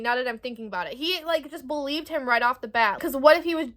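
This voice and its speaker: A woman's voice: high-pitched, quick pace, few pauses, a bit bright. A woman in her twenties giving a casual book review, rambling, swearing freely and reacting with animation. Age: 20s. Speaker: book vlogger.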